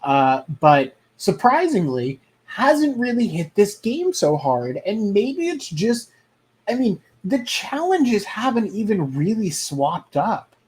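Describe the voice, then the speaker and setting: Slow, dry-humored podcast co-host. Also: medium pitch, big pitch swings, darkish tone. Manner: dry, sarcastic, swears casually. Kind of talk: casual recap chat.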